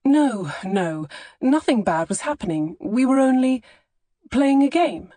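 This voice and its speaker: A woman voicing a flustered, earnest young English lady in an audiobook, her protests breathless and raised in pitch. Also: expressive, unhurried, dark tone, no room sound. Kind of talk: audiobook character dialogue.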